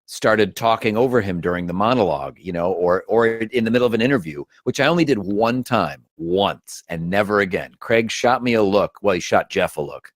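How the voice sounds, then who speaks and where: A man with a lowish, very lively voice recounts his stories as an interview guest, jumping in and out of quoted voices. The sound is dry and close, with no room around it. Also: a little fast, hardly any pauses, no room sound. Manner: animated, acts out quotes with shifting voices. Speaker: guest, actor and comedian. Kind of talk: casual interview storytelling.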